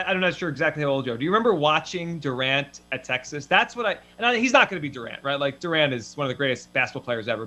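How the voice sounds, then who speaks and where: A man hosting a sports podcast, chatting casually in an animated, rambling way with many restarts. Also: on the high side. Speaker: podcast host.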